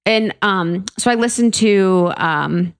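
A woman's voice: mid-range voice, slow pace. A young woman hosting a podcast, asking curious questions in a chatty way with lots of "like". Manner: curious, chatty, uses many fillers. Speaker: podcast host. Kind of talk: casual interview chat.

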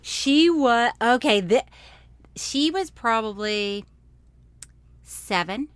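Lively, teasing woman with a higher voice. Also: slow, smooth. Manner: teasing, animated. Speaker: podcast co-host. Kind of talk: casual chat.

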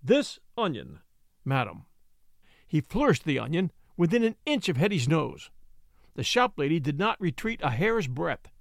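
Animated, high-voiced male story narrator. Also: normal speed, vocal fry, dry recording, studio quality. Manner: expressive, animated reading.

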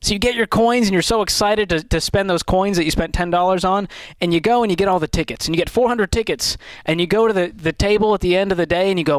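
A man co-hosting a radio advice show, telling animated stories and acting out little scenes. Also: high voice, fast talker, clear, resonant tone, no echo. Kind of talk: call-in advice show banter.

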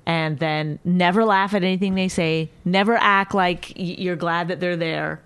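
A woman co-host who teases and scolds her partner in lively casual chat, on a close studio mic. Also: lowish voice, normal speed, clear, resonant tone, dry recording. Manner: teasing, exasperated, lively.

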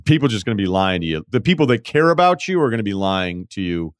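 A man hosting a podcast, chatting casually and telling stories in an animated, conversational way. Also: lowish voice, quick pace, no echo, clean studio sound. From Vermont. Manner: conversational storytelling, animated quoting. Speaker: podcast host. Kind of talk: casual chat, reading listener emails.

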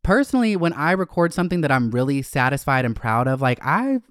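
A man hosting his own podcast in a camp, chatty solo talk, gushing about himself with sudden swoops up in pitch. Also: sing-song, brisk, clear, resonant tone, no echo, clean studio sound. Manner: gushing and self-hyping. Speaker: podcast host. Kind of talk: casual solo podcast chat.

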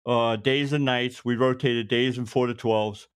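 A man, a retired police officer telling lively stories and acting out the lines of the people in them. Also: medium pitch, unhurried, clear, resonant tone. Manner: animated, acts out others' lines in quotes. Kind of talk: anecdotal storytelling.

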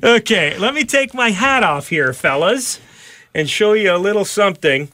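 Lively, bright-voiced male podcast host. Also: moderate pace, dry recording, studio quality. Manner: animated, jumps high when quoting others. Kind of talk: casual storytelling.

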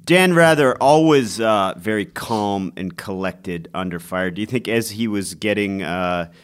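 A man's voice: lowish voice, unhurried, clean tone. A man co-hosting a podcast in casual chat, playful and argumentative. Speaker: podcast co-host.

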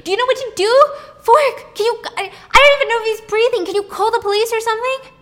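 Frantic young waitress, shrill and defensive, pitched way up; voiced by a woman. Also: quick pace, a bit bright. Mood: panicked. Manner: shrill, exasperated outbursts.

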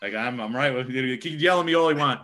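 A man's voice: medium pitch, quick pace, pushed and bright. A man, a sports reporter, telling a story casually and rambling with lots of filler words.

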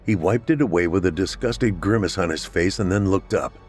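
A man narrating a scripted horror story in a steady, measured way. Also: deep voice, faint music behind.

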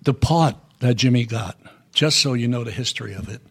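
An older man as a podcast guest, telling blunt, profane anecdotes in an animated, storytelling way. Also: medium pitch, a little fast, gravelly, breathy edge.

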